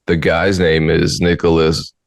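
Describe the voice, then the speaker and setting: Blunt low-voiced man, dry close sound. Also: little pitch movement, a little slow, vocal fry, dry recording. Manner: blunt, exasperated, mocking. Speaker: podcast host. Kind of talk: casual commentary.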